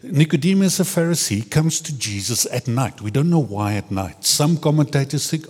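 A man delivers a sermon in a chatty, searching way, doubling back on his words. His voice is husky and his pitch rises and falls a lot. A long reverb from a large hall trails after each phrase. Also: sing-song, normal speed, hardly any pauses, darkish tone. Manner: conversational, searching, repeats words as he restarts. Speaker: preacher.

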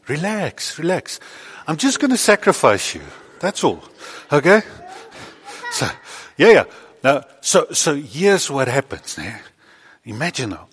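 A man preaching a lively story sermon in a church with a child volunteer, playful and animated, with sudden loud bursts. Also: mid-range voice, husky, in a large hall. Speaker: pastor.

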